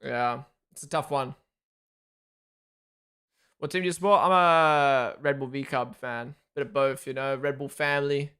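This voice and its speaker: A man with a smooth, mid-range voice speaks unhurriedly and pauses often as he hosts a live race watchalong. He reacts excitedly to the action, chats casually with viewers, reads out comments, and thanks followers.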